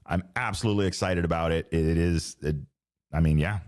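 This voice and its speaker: Podcast host, man, middle-aged, very low voice; casual, rambling, slangy, restarts sentences. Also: fairly even intonation, a little fast, a little mellow. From Southern California. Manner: rambling, self-correcting, laid-back slang. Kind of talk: casual solo podcast chat. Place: home podcast studio.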